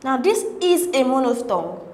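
High-voiced woman tutor, echoey room. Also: sing-song, a little slow, darkish tone. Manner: methodical, reads options one by one. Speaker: exam tutor. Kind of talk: explaining exam questions.

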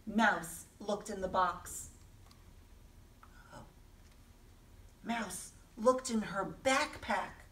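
Slow, bright-voiced woman reading a picture book. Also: medium pitch, a little hiss or hum. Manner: gentle, asks listeners questions. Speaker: children's librarian. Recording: echoey room, voice from a distance.

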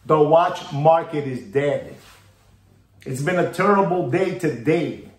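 Theatrical male vlogger, high-ish animated voice, swings loud to muttering, echoey room. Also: slow pace. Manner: theatrical, repetitive, swings between loud bursts and low mutters. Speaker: watch market vlogger. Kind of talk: hyped market rant to camera. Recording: roomy echo.

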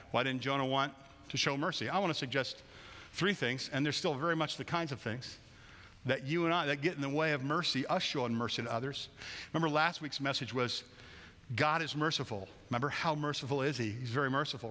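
A man's voice: mid-range voice, bright, forceful tone. A man preaching a sermon as pastor in a church, conversational and wry with playful asides. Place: church sanctuary. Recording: long church hall reverb.

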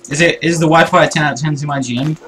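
A man's voice: on the high side, very fast. A man bantering playfully with his co-host during a live-streamed co-op game. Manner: playful, bantering, jumps between calm and shouty. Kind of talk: casual co-op game stream chat. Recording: noisy home recording.

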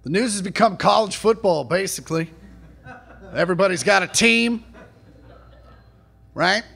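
A man doing a live stand-up set in a comedy club, mocking and profane, shouting his punchlines. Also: sits high, animated, normal speed, creaky, slightly rough. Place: comedy club stage before a laughing audience. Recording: live club recording, audience noise.

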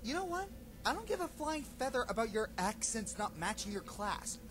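A woman's voice: fairly high pitch, very animated, moderate pace, fairly bright tone, slight background noise. A woman voicing a bossy female pony field medic in a fan cartoon, exasperated and lecturing.

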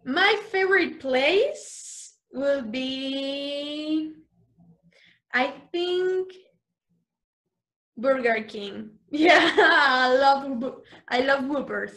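Teacher lady on a video class, high bouncy voice, super slow spelling for little kids. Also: animated, fairly bright tone. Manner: slow, exaggerated spelling and repetition, switching to Spanish explanations. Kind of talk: online class for young children. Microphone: video call.

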